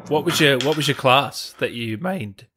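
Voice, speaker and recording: A man hosting a gaming show, chatting casually with a guest, enthusiastic and quick to laugh. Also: medium pitch, background noise. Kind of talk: casual interview chat.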